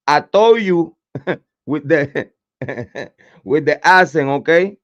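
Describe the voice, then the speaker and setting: A hoarse man hosting a true crime livestream, cursing freely and hyping his chat with repeated chants, speaking into a desk mic. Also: a little high, lively intonation, slow pace, lo-fi sound. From Puerto Rico. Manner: profane, repetitive hype chants. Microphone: desk microphone, camera off.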